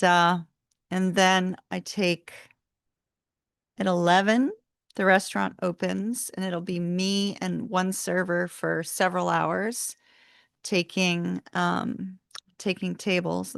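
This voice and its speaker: This woman's voice is lowish and creaky, with little pitch movement and a measured pace. She runs a live tarot stream from a warm room at home, talking casually with viewers, laughing frequently, and yawning as though sleepy. The sound is dry and studio-clean.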